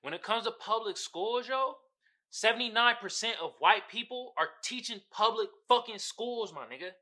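Alone on his podcast, a male host launches into a casual, heated rant at normal speed. His animated voice rises and falls with a very bright, sharp edge, and he swears liberally while lurching from loud bursts to quiet muttering.

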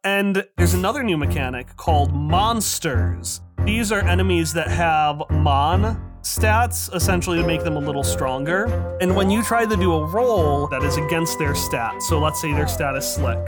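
A game master running a tabletop game, explaining the rules in a brisk, clear way. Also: medium pitch, loud music behind the voice.

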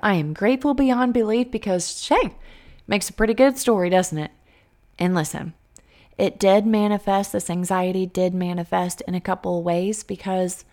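A woman's voice: mid-range voice, darkish tone. Earnest woman giving a faith-filled pep talk. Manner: earnest and emphatic, addresses listeners directly. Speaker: coach. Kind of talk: faith-based motivational talk.

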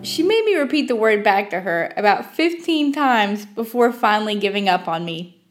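A woman's voice: medium pitch, big pitch swings, normal speed, faint music behind. A young woman from Southwest Virginia with an Appalachian accent, narrating personal stories in a wry, self-deprecating way. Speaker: storyteller podcast host. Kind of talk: scripted story narration.

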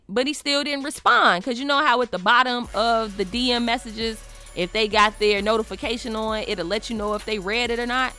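A woman telling a personal story in a casual, slangy, emphatic way, acting out the quoted lines with lively expression. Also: fairly high pitch.

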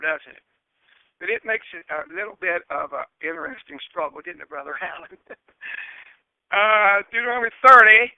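A man's voice: high voice, dry recording. A man preaching an evangelistic sermon outdoors, earnest and emphatic, repeating his key phrases. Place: outdoors in a breeze. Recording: narrow phone-like sound.

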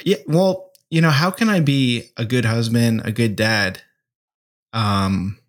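A man's voice: medium pitch, slow. A man co-hosting a podcast in casual chat, putting on a mock-mournful, overdramatic tone. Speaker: podcast co-host.

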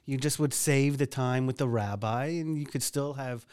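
A man hosting a casual podcast interview. He keeps things relaxed, nudging his guest along with short questions and quick acknowledgements. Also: mid-range voice, clear, resonant tone. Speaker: podcast host.

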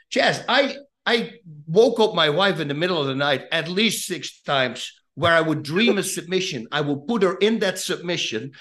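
A middle-aged man with a Dutch accent, a retired fighter telling lively stories as a guest and acting out the voices in them. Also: high-pitched. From Netherlands. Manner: animated, acts out voices in his anecdotes. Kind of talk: casual storytelling.

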